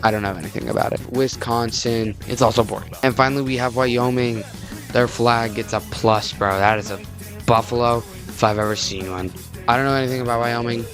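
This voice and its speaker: A man's voice: mid-range voice, steady tone, a little fast, over music. A young man from Texas, giving rambling, jokey commentary in a casual video and often breaking off mid-sentence. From Texas, USA. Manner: rambling, jokey, self-interrupting. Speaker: video creator.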